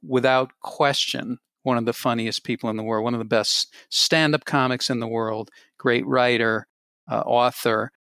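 Male host, wry and jokey, gravelly tone, dry close mic. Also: mid-range voice, a bit bright, dry recording. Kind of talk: casual talk show chat.

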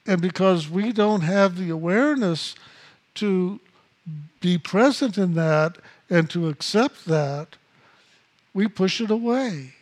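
A man with a notably high voice gives a spiritual teaching talk. He speaks slowly and deliberately, repeating phrases for emphasis and dropping in blunt asides.

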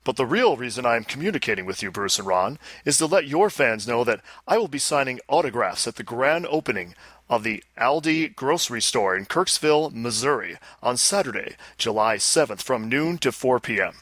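A man's voice: mid-range voice, animated, brisk, a bit bright, dry recording. A man putting on a boastful, pompous rock star impression on a podcast.

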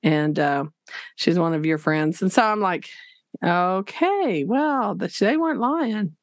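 A woman teacher, telling classroom stories in a casual, animated way and acting out what people said. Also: lowish voice, takes it slowly, no room sound, studio quality. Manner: animated, laughing, acts out quotes. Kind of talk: casual storytelling interview.

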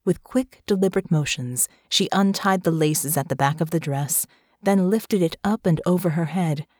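A woman narrating a story with a slow, measured reading. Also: fairly low pitch, a little mellow, dry recording, studio quality. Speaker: audiobook narrator. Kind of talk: scripted narration.

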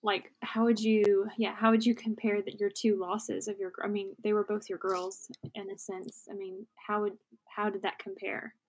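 A woman's voice: mid-range voice, flat delivery, normal speed, husky, poor audio. A woman host interviewing a guest, sympathetic and asking probing questions.

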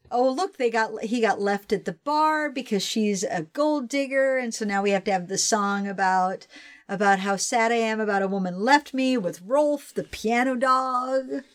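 A young adult woman co-hosting a casual film chat, enthusiastic and swearing casually. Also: on the high side. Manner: enthusiastic, swears casually, acts out movie bits. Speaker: podcast co-host.

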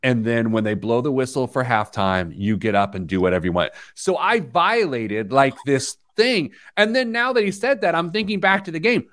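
A man's voice: medium pitch, animated, normal speed, hardly any pauses, fairly bright tone, no echo. An American man hosting a podcast, telling a self-mocking story in casual chat. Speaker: podcast host; youth soccer coach.

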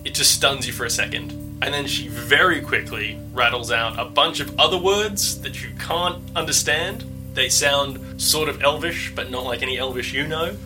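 A man's voice: medium pitch, moderate pace, hardly any pauses, over music. A man running a tabletop game as game master, narrating scenes in a casual, descriptive way with lots of "like".

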